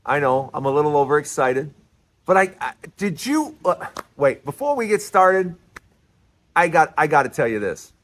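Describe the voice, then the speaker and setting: A man hosting his own political commentary vlog, talking in an animated, emphatic way and often repeating and restarting his phrases. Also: fairly high pitch, normal speed, a little hiss or hum. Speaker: vlog host.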